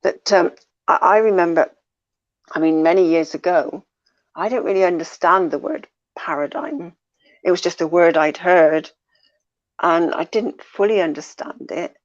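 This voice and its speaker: A woman's voice: fairly low pitch, unhurried, dull audio. A woman coach in a conversational talk show, explaining ideas reflectively and drawing on her own experience. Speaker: life coach.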